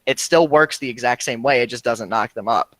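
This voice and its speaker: A man's voice: medium pitch, a little fast, a bit bright, no room sound, low-quality recording. A man co-hosting a casual gaming podcast, explaining game details and teasing his co-host.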